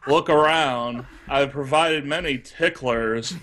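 A man putting on the voice of a stiff male marriage coach reading from his website, slow and mock-formal. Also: medium pitch, fairly bright tone, slight background noise.

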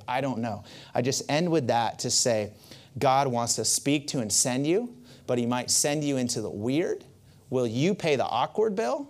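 A man's voice: medium pitch, animated, normal speed. A man preaching a sermon, telling a personal story in a conversational way with asides to the listeners. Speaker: pastor.

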